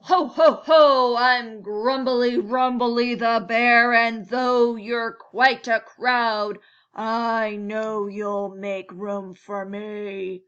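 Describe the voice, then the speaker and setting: A woman doing a booming hearty bear. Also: fairly even intonation, smooth, lo-fi sound. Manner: loud bellowing and slow. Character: big booming male bear, hearty and pushy.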